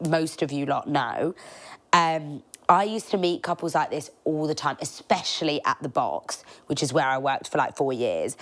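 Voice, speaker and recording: A woman, telling cheeky stories as a podcast host, chatty and laughing often. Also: low-pitched. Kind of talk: casual storytelling monologue.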